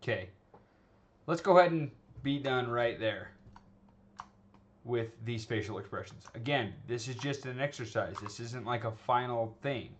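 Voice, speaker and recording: A man of ordinary pitch talks through an animation lesson at his desk, loose and chatty, tossing in "okay?" and "right?" as he goes. Faint keyboard clicks sit quietly behind him. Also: moderate pace, a little hiss or hum. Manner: conversational, frequent "okay?" and "right?" check-ins, self-correcting restarts. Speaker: animation instructor. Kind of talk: screen-recorded tutorial, casual teaching.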